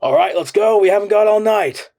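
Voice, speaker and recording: A man voicing an unseen, impatient commanding voice that barks orders in a booming tone in a spoken horror story. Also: unhurried, fairly bright tone, dry recording, clean studio sound.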